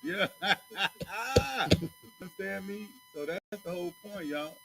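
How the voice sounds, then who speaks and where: Preaching informally to a small group, this religious school teacher talks through scripture in a chatty way, calling everyone brother and constantly checking in with "you know what I'm saying." His expressive voice sits high and carries vocal fry, and he speaks slowly. Music plays behind him on a low-quality recording.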